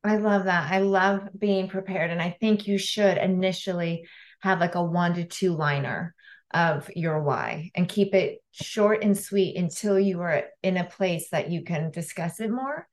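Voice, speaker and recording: A woman co-hosting a podcast as a health coach, chatting casually and telling stories with lively acted-out bits. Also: fairly low pitch, a little slow. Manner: lively storyteller, acts out voices in anecdotes.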